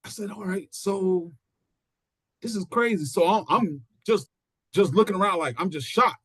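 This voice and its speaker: A middle-aged man spins a story in a casual interview, slipping into the voices of the people he quotes. His voice sits fairly high for a man. The sound is dry and close, with no room around it. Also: moderate pace, slightly rough, no echo. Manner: animated storyteller acting out quotes. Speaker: interview guest, pro wrestler. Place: studio.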